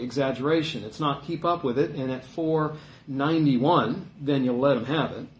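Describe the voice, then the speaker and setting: A man's voice: fairly high pitch, reverberant, rough recording. A male pastor preaching a sermon in a conversational way, rising to emphatic peaks.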